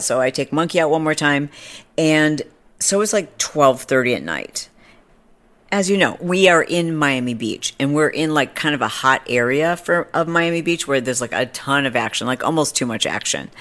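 A woman's voice: sits low, fairly bright tone. A woman hosting a podcast, telling a story in a chatty, snarky way with lots of "like". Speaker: podcast host. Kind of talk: casual storytelling chat.

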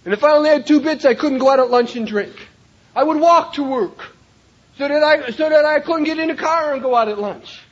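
Older man, unusually high voice, emphatic recovery-meeting speaker, muffled lo-fi recording. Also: brisk. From Cleveland, Ohio, USA. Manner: emphatic, raises voice to a shout then drops low. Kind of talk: personal recovery story told to a meeting. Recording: dull lo-fi recording.

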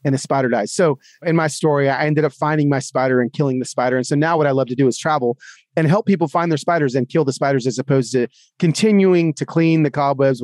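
In a dry, studio-quality recording, a man with a medium-pitched voice chats as a guest author on a podcast. He tells stories animatedly in casual conversation, performing the voices of people he quotes.

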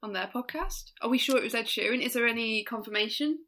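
A woman's voice: on the high side, quick pace, a bit bright. A woman co-hosting a podcast in casual chat, giggly and self-mocking. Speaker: podcast co-host.

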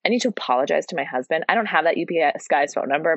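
A woman who teaches yoga and breathwork, talking as a guest in a casual interview in an open and earnest way, slowing down and speeding up for emphasis. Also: sits low, lively intonation, creaky, dry recording.

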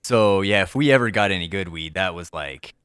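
A man's voice: sits low, brisk, a bit bright, clear, resonant tone, no room sound, clean studio sound. A man from Iowa, chatting casually in a laid-back way and swearing freely. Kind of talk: casual chat.

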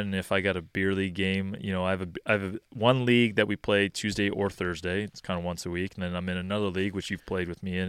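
Young man, hockey coach, deep resonant voice, laid-back talker with plenty of fillers. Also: clean tone, no echo. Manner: relaxed and rambling, many fillers like "you know" and "um". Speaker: hockey skills coach and podcast guest. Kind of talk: casual interview chat.

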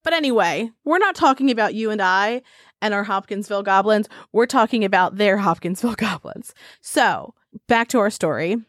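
A woman from Arizona co-hosting a casual podcast, animated, laughing often and swearing freely. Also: mid-range voice, moderate pace, no echo, studio quality. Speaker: podcast co-host. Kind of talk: casual chat. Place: home.

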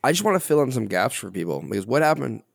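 A man's voice: mid-range voice, sing-song, fast talker, gravelly. A man hosting a casual movie podcast, asking wry questions and moving the talk along. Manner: wry, asks questions and moves the show along. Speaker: podcast host.

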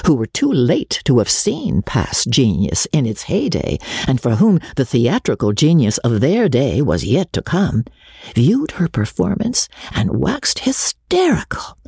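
A woman with a husky voice narrating a novel in a measured, expressive way. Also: very deep voice, no room sound, studio quality. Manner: measured, expressive literary reading. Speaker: audiobook narrator. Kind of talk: scripted narration.

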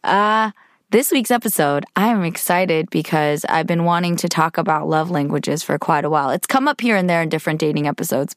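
A woman in her thirties hosting a podcast, talking in a hoarse, tired voice, chatty and candid with lots of fillers. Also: low voice, no room sound, studio quality. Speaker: podcast host. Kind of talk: casual podcast monologue.

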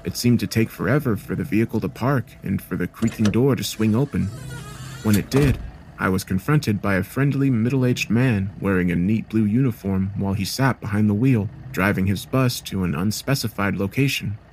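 A man reading a first-person horror story aloud in a steady, measured storytelling manner. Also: on the low side, faint music behind. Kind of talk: scripted horror story narration.

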